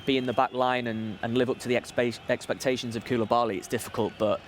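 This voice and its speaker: A man giving relaxed football analysis as co-commentator on a live stream. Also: medium pitch, fast, slight background noise.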